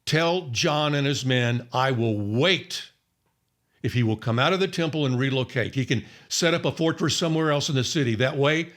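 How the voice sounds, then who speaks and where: A man voicing a Roman commander who calmly reasons and bargains, in his own everyday voice. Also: mid-range voice, moderate pace, lightly acted. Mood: firm.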